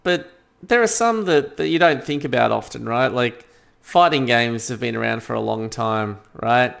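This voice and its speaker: A man co-hosting a casual video game podcast, joking and getting animated. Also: mid-range voice, moderate pace, gravelly, smooth. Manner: joking, animated when riled up. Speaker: podcast co-host. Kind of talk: casual chat.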